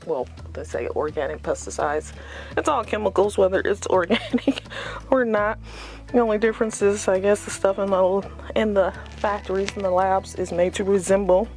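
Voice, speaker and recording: A woman's voice: fairly low pitch, a little mellow. A woman giving a casual, unscripted tour of her front yard garden, chatty and rambling with self-deprecating asides, filmed outdoors on a phone.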